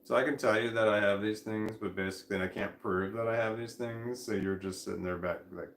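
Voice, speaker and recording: A tired, high man rambling casually in a vlog, talking drowsily with a slight slur while lying down at home. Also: fairly even intonation, a little fast, hardly any pauses, fairly bright tone, roomy sound. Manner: drowsy, rambling, laughs to himself. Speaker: vlogger.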